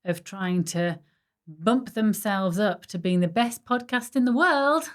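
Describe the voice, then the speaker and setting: A woman from Stoke-on-Trent co-hosts a relaxed podcast chat. Her voice sits at a middle pitch, and she explains ideas in a chatty, psychology-minded way. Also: takes it slowly. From Stoke-on-Trent, England. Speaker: podcast co-host. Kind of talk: casual chat.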